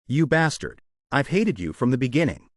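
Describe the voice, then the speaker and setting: A man's voice: mid-range voice, big pitch swings, normal speed, no room sound, studio quality. A man voicing a brutal, arrogant young male trainee who sneers with contempt, read as part of a recap narration. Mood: contemptuous.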